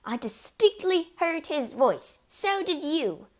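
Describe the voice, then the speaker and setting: A shrill, panicky mother, played by a woman reader, shrieks and hisses with loud, high urgency. Her pitch leaps about wildly as she bosses her family around in a storybook scene. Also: wildly swooping pitch, moderate pace, heavily acted. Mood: panicked. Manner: shrieking and hissing in alarm. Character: panicky, bossy middle-aged mother.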